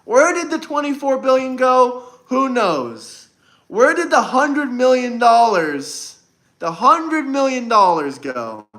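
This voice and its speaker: A man's voice: extremely high pitch, very animated, takes it slowly, sharp tone. A man hosting a political livestream, talking combatively and boastfully, often repeating a phrase for emphasis. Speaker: livestream host. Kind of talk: political livestream debate talk.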